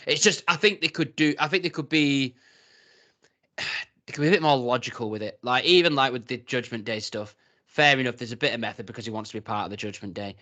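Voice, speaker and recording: This podcast co-host has a mid-range voice and speaks fairly quickly while casually reviewing wrestling. He rambles hesitantly, restarts often, and acts out other people's words in animated voices.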